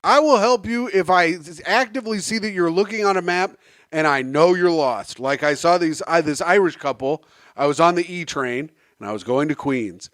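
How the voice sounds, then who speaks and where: A man's voice: a little high, moderate pace, a bit bright, no echo, clean studio sound. A man co-hosting a podcast in casual comedic chat, telling stories and teasing his co-host. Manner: joking storyteller, teasing.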